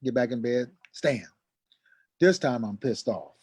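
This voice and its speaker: Animated male storyteller. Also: mid-range voice, moderate pace, slightly rough. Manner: acts out quoted dialogue, voice rising sharply when agitated. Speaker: guest telling a personal story.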